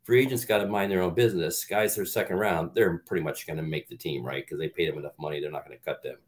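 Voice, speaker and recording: A middle-aged man, a guest on an interview show, telling rambling, profane stories and acting out what others said. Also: fast. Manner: animated storyteller, acts out quotes in a louder, higher voice. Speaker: guest, actor and former football player. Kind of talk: storytelling in an interview.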